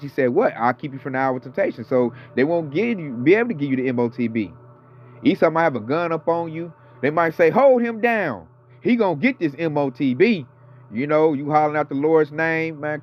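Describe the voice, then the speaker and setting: A man in his thirties or forties giving a casual, fired-up sermon, slangy and profane. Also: a little high. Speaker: preacher. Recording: dull lo-fi audio with faint music.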